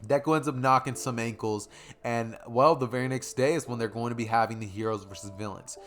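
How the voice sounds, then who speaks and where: A man's voice: mid-range voice, fairly even intonation, a little fast, faint music behind. A young man casually retelling his own fan story, rambling, slangy and correcting himself as he goes.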